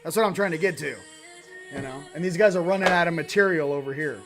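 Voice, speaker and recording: A man's voice: fairly high pitch, quick pace, music in the background. A man hosting a casual livestream card reading, rambling and fired up, with frequent restarts and asides. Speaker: host of a spiritual card-reading stream.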